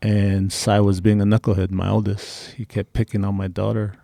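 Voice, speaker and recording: A man's voice: fairly low pitch, little pitch movement, normal speed, creaky, mellow, no room sound. A middle-aged man telling personal stories in a casual interview, candid and blunt. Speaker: interview guest.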